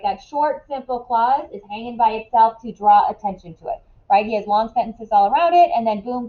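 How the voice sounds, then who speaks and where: A woman teaching a classroom lesson in a casual way, asking quick questions and often checking in with "right?". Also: medium pitch, narrow, tinny audio.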